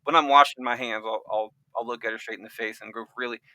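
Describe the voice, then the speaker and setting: A man's voice: medium pitch, fairly even intonation, fast talker, bright, forceful tone, no room sound. A man hosting a podcast in casual chat, rambling and restarting often as he talks through votes. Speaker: podcast host.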